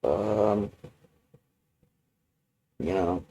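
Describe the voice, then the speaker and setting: Slow, low-voiced man rambling to camera. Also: warm tone, dry recording, low-quality recording. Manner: halting and rambling, many restarts and fillers. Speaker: video journal maker. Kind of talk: personal video journal, unscripted.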